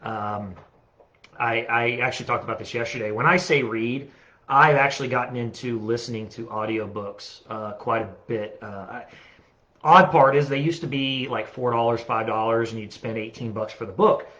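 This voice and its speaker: A man's voice: medium pitch, normal speed, a bit bright, dull audio. A man, hosting his own podcast in a casual, profane, rambling monologue that slips into rants. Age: late 30s. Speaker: podcast host. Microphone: studio podcast mic.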